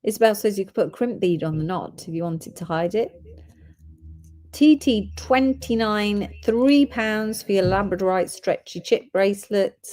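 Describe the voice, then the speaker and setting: A woman's voice: mid-range voice, normal speed, darkish tone. A woman hosting a live gem sale, chatting and reading out orders and codes.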